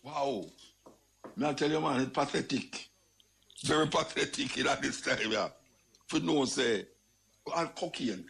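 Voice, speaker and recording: Animated, gravelly Jamaican man. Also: mid-range voice, moderate pace. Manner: animated, exclamatory, patois-laced. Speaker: commentator. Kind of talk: casual commentary monologue.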